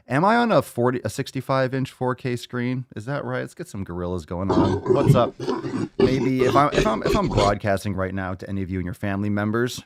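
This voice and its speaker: Cocky potty-mouthed guy hosting a fitness livestream, lowish voice, dry close sound, says stuff twice for punch. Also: lively intonation, a little fast, creaky, no echo. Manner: brash, profane, hyped-up gym talk; repeats phrases for emphasis. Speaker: podcast host. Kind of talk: casual livestream podcast chat.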